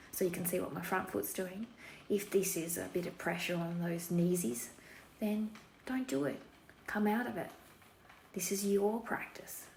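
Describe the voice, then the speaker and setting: A woman yoga teacher guiding a class in a playful put-on Australian accent, relaxed and encouraging with lots of slang. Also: medium pitch. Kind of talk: guided yoga class instruction. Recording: roomy echo, faint room hiss.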